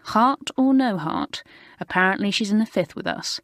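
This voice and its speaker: A woman voicing Alicia, a sarcastic teenage schoolgirl in an audiobook, speaking in a smooth drawl. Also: medium pitch, expressive, moderate pace, fairly bright tone, no echo, clean studio sound, pitched above the performer's own voice, close to an everyday voice.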